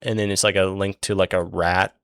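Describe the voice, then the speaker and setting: A young man with a low, gravelly voice retells a book's plot in a loose, rambling way. He swears freely and leans on filler words. The recording is dry and close. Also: little pitch movement, fairly quick, a bit bright, dry recording. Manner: rambling, profane, many fillers. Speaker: book recap host. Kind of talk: casual book recap.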